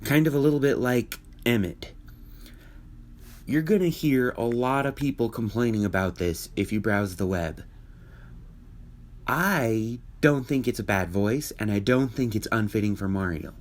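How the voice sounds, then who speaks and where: Male video commentator, mid pitch, opinionated and thinking aloud, casual talk. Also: a little slow. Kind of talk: casual commentary on a film trailer.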